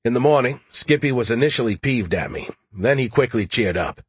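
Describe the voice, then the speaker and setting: A man's voice: medium pitch, animated, a little fast, slightly rough, no room sound. A man narrating a first-person audiobook with a wry, dry-humored delivery.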